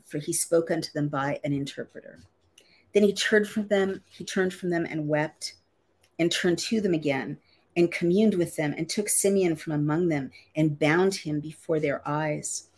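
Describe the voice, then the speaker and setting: Low husky woman reading scripture. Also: a little mellow. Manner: reads archaic verses, then restates them in everyday words. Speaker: Bible teacher. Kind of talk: reading scripture aloud with plain-language glosses.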